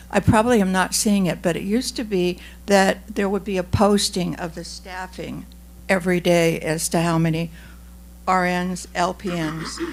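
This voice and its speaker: A woman resident asks polite, practical questions at a town hall. She speaks in a plain, ordinary voice. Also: fairly low pitch.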